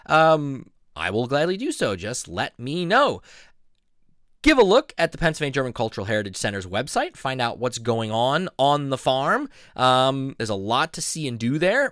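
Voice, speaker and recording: A man's voice: mid-range voice, very animated, moderate pace, fairly bright tone, no room sound, studio quality. A man hosting a language video, signing off in a chatty, upbeat promotional way. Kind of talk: casual video sign-off.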